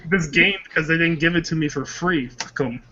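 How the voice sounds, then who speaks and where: A man's voice: fairly high pitch, normal speed, sharp tone. A man co-hosting a podcast in casual chat, offhand and joking. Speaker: podcast co-host. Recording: dull lo-fi stream audio with faint background noise.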